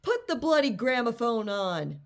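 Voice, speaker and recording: A woman voicing a boastful, insulting male spirit mongoose in a high-pitched voice, rude and threatening. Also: very animated, unhurried.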